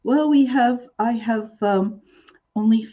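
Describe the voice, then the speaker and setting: A woman's voice: a little high, slow pace, dark tone, lo-fi sound. A woman hosting a live shopping show, chatting in a rambling way with many fillers.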